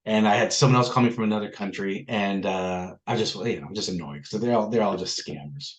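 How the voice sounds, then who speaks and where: A man's voice: fairly low pitch, fairly quick, rough recording. A man hosting a casual group discussion, telling jokey stories and asking for questions. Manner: joking storyteller. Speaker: notary meetup host.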